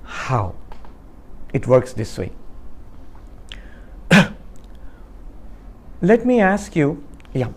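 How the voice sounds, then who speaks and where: Guy teaching a spiritual talk, acts out the story voices, fairly high voice, lively ups and downs. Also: extremely slow, long pauses, breathy edge. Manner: asks the audience questions.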